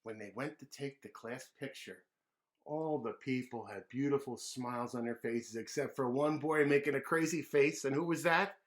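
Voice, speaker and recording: A man reading a picture book aloud to children, gently pausing to ask them questions. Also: mid-range voice. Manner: gentle, asks kids questions. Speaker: children's storyteller.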